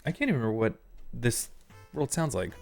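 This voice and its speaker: A man streaming a video game live, chatting casually in an excitable, rambling way and laughing often. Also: mid-range voice, fast, vocal fry, soft background music.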